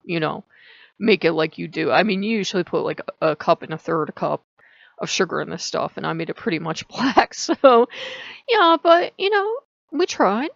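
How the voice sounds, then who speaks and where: A middle-aged woman talks in a loose, rambling vlog, her words wandering from one thought to the next. Her voice has a gravelly fry, and her pitch often leaps up mid-sentence. The recording is dull and dry, with no room sound. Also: lively intonation, a little fast, no echo. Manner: rambling, chatty, with sudden rises in pitch. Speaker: vlogger. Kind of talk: casual spiritual vlog chat.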